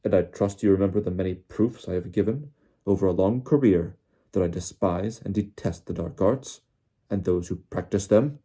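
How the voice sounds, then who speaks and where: Brief: storybook role, man reading as a stern, coldly furious older official, low voice. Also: normal speed, mellow, breathy edge. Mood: cold anger. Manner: clipped, icily angry. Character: cold stern senior male ministry official.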